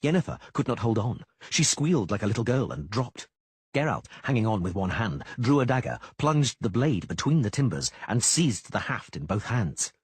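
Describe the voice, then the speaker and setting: Husky man narrating an audiobook. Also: mid-range voice, normal speed, dry recording. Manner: dramatic, lively reading. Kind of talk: scripted narration.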